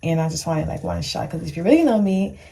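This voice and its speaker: A woman's voice: on the low side, animated, fast, vocal fry, dark tone. A young woman telling a story on her vlog in a chatty, emphatic and sassy way. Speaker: vlogger.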